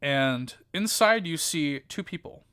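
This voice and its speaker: Slow-paced male game master, bright and crisp voice, dry close sound. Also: fairly high pitch, animated, no room sound. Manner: descriptive, halting with fillers. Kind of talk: narrating a tabletop game.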